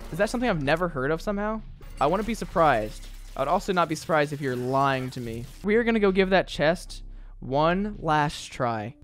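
A man streaming a video game, giving casual running commentary, often exasperated and mocking himself. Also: fairly high pitch. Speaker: gaming streamer. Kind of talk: casual let's-play commentary.

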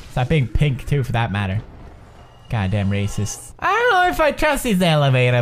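A man's voice: mid-range voice, a little hiss or hum. A young man with a Swedish accent commentating on a video game as he plays, joking, swearing, muttering to himself and yelping when things go wrong. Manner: excitable, jokey, swings from mutters to yelps. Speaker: gaming video host.

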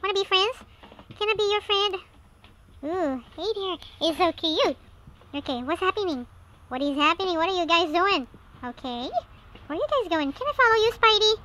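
Very high, bright, excitable young-sounding gamer. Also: female voice, moderate pace, pauses often, slight background noise. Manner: excitable, frequent gasps and shrieks. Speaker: gameplay commentator. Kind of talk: excited let's-play commentary.

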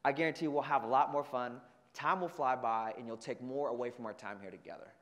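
A man giving an energetic motivational talk to a student leadership conference, telling stories and acting out the voices. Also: mid-range voice, a little fast. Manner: energetic storytelling with acted-out voices. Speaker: keynote speaker. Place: large conference hall. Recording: long hall reverb.

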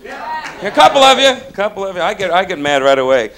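A stand-up comedian from Florida performs a set on a comedy stage before a live audience. His voice is high and lively, his pace quick, and he's animated, bursting into shouted impressions as the crowd laughs.

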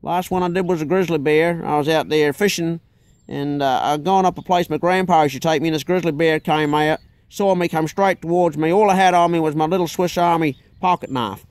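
A man's voice: fairly high pitch, fairly quick, a little mellow, clear, resonant tone, dry recording, lightly acted. A man putting on a bragging hunter. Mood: boastful. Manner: drawling, bragging, tall-tale telling. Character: boastful big Texan hunter man, swaggering.

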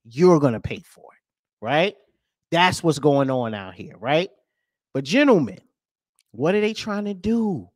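A man hosting a podcast, ranting over news clips with profanity and rhetorical questions, swinging between loud and soft. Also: a little high, sing-song, unhurried, pauses often, no room sound, clean studio sound. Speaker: podcast host.

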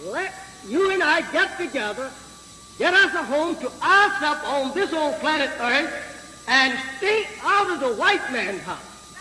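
A noisy 1950s archive recording captures a man preaching to an audience in an echoing hall. His voice is very high, sing-song, bright and forceful, yet his delivery is slow and emphatic, stalling on fillers and restarts as he keeps asking the crowd rhetorical questions about whether he's right.

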